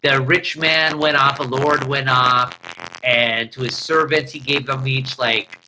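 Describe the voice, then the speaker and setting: Sharp-voiced man ranting on a livestream. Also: mid-range voice, a little slow, slight background noise, poor audio. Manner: animated, profane ranting. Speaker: livestream host. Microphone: headset earpiece mic.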